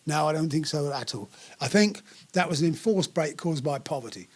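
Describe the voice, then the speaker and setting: An older English musician being interviewed, telling long stories in a relaxed way with many restarts and fillers. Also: male voice, on the high side, brisk. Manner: rambling storyteller with frequent restarts and fillers. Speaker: musician guest. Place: small live venue.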